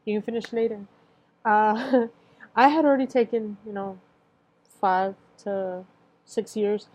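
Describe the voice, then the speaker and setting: Mellow-voiced young woman sharing her story. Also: mid-range voice, fairly even intonation, measured pace, no echo, poor audio. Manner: rambling, heavy on filler phrases, emotional at times. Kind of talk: casual personal testimony.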